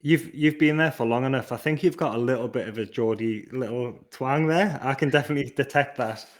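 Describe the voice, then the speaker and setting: A man from England co-hosts a podcast and chats with the guest in a friendly way. He also fires off quiz questions at her. His voice sits at a middle pitch. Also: fairly quick. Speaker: podcast co-host. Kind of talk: casual interview chat.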